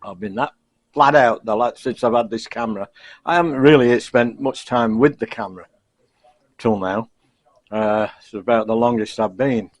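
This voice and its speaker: A middle-aged man giving a casual, rambling sign-off to camera from a home kitchen, halting with lots of fillers, chuckling and self-deprecating. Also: mid-range voice, dry recording. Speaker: cooking vlogger. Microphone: camcorder.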